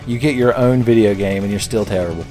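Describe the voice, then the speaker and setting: A man's voice: on the low side, fast talker, mellow, faint music behind. A young man giving casual, jokey commentary while playing a video game, often calling the listener "son". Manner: jokey, playful, keeps calling the viewer "son". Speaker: let's play commentator.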